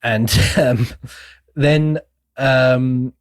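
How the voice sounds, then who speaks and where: A man's voice: medium pitch, fairly even intonation, extremely slow, no room sound, clean studio sound. A young man co-hosting a podcast, chatting casually about a film with fillers and laughs. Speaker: podcast co-host. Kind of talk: casual film review chat.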